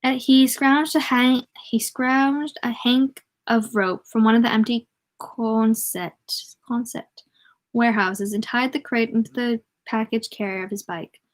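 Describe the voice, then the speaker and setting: A woman's voice: on the high side, fairly even intonation, a little slow. A woman reading a novel aloud in a casual way, often stumbling, correcting herself and adding joking asides.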